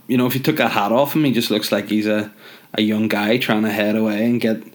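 A young man rambles through a jokey, sweary rant. His voice sits a little low and sounds stuffy from a cold. He talks loosely and casually, like he is chatting to camera. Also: steady tone, a little fast.

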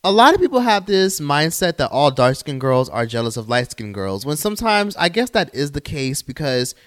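Lively, sassy male podcast host. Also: fairly high pitch, moderate pace. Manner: expressive, sassy and exclamatory. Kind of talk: casual commentary podcast.

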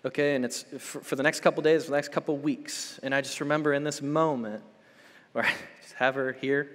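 A young adult male pastor preaching a sermon, swinging between loud urgent build-ups and hushed soft passages, checking in with "okay?" and "right?". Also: medium pitch, fairly even intonation, brisk, big-room sound. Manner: conversational, with frequent "okay?" and "right?" check-ins.

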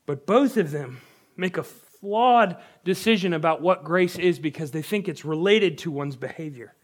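A man's voice: a little high, lively intonation, normal speed. A young adult man, a pastor, preaching a sermon in an earnest, conversational way and reading scripture aloud.

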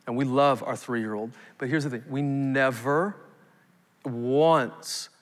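A man's voice: medium pitch, steady tone, slow pace. A male pastor in his thirties preaching a live sermon, emphatic, with rising calls to the congregation. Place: church sanctuary. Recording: long hall reverb.

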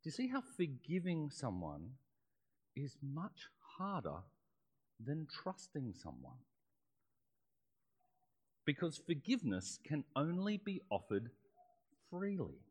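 A man's voice: fairly high pitch, wildly swooping pitch, takes it slowly, pauses often, darkish tone, slightly rough. Conversational male preacher in a reverberant hall. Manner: conversational preaching with rhetorical questions. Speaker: pastor. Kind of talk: sermon.

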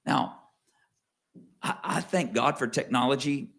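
A man preaching a sermon in a conversational way, slowing down and rising to stress key words, then dropping low for asides. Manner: conversational with wide swings in pitch and loudness, slows to stress key words. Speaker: pastor.

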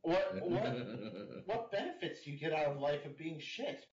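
A man's voice: a little high, expressive, measured pace, a little mellow. A man hosting a casual online podcast interview, joking and breaking into laughter. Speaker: podcast host. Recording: dull lo-fi audio in an echoey room.

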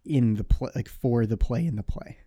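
Mellow-voiced young man, rambling. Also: medium pitch, normal speed, slightly rough. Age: young adult. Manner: rambling, full of "like" fillers. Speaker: podcast guest. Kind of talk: casual chat.

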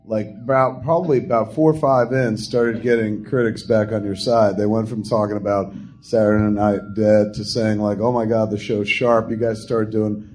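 A man's voice: fairly low pitch, steady tone, normal speed, a little mellow. A man co-hosting a podcast, prompting the guest with questions and filling in details in casual talk. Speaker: podcast co-host. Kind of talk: casual interview chat. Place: live podcast theatre.

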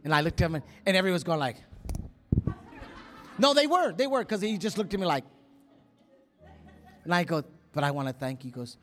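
A man preaching, telling a story in an animated way, acting out quotes with gasps and whispers. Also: fairly high pitch, brisk, long pauses, soft background music. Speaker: pastor. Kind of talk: sermon storytelling.

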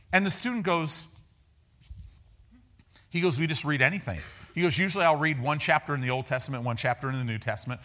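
A man preaching a sermon in a folksy, animated way, acting out the people in his stories and repeating words as he builds each point. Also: fairly quick, long pauses. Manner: animated, acts out dialogue with raised pitch. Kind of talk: sermon with storytelling.

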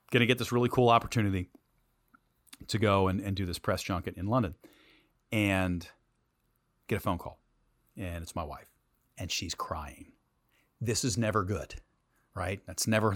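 A middle-aged man, a TV news anchor, telling a story from his career in an animated interview voice that swings between loud and quiet. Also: on the low side, moderate pace, long pauses, no echo, studio quality.

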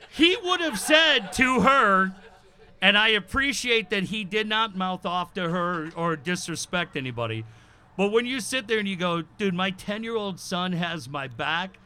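A man's voice: sits high, sharp tone, clean tone. A man co-hosting a live talk show, telling stories animatedly with laughter and swearing. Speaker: radio show co-host. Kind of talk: casual chat. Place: live show at a venue with a crowd.

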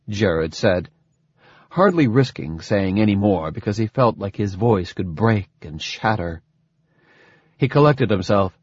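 A man narrating an audiobook chapter in an expressive reading voice. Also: on the low side, slow, husky, dry recording, dull audio. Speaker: audiobook reader.

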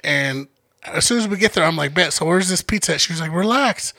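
A young man in his twenties casually telling a story, animated, acting out quoted lines and swearing a lot. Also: on the high side, fast talker.

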